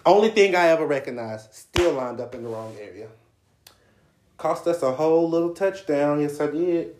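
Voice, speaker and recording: A man telling a long story in casual podcast chat, profane and animated, slipping into voices for other people. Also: on the high side, normal speed, background noise. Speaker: podcast co-host. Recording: echoey room.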